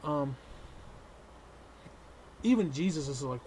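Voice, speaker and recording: A man vlogging a profane, sarcastic comedic rant that swings between shouting and hushed whispers. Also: on the high side, expressive, a little fast, slight background noise.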